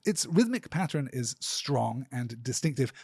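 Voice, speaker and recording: Measured, husky-voiced man analyzing a novel. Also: mid-range voice, sing-song, darkish tone, no echo, studio quality. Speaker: podcast host. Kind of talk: literary discussion.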